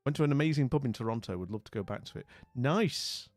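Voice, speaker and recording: A man's voice: mid-range voice, expressive, fast talker, darkish tone, no echo, soft background music. A middle-aged man chatting casually with his stream's viewers, rambling with lots of fillers and restarts. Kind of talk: casual chat with viewers' comments.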